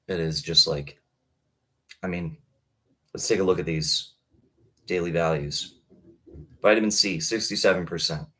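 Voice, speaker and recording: A man in his thirties talking casually on a live stream, rambling with many halting restarts. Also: low-pitched, sharp tone. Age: 30s. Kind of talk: casual livestream talk.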